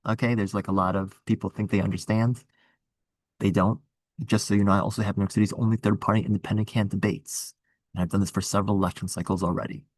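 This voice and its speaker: A man's voice: on the low side, flat delivery, fast, a little mellow, no echo. A man running for office, talking through his campaign in a rambling, earnest way with many restarts. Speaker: political candidate. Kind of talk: casual political chat.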